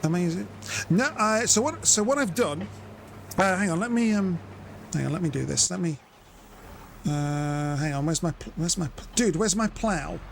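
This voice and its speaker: A man's voice: high voice, lively intonation, normal speed, vocal fry, slight background noise. A man giving chatty live commentary as he plays and explains his method step by step. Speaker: streamer.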